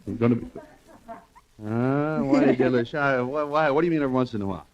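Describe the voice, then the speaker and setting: A man's voice: medium pitch, a little fast, noisy background. A man hosting a live radio show, chatting and teasing his young guests. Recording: dull lo-fi 1950s radio recording.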